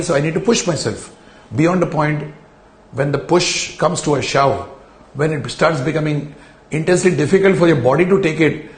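A man's voice: fairly high pitch, a little mellow, roomy sound. A man giving a recorded lecture in a studio, stressing key words and repeating phrases for his students.

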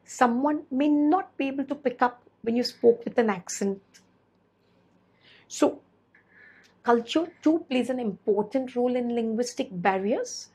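A woman's voice: a little high, lively intonation, measured pace, warm tone, husky, poor audio. A woman teacher giving a classroom lecture. She repeats her points, asks rhetorical questions and corrects herself as she goes.

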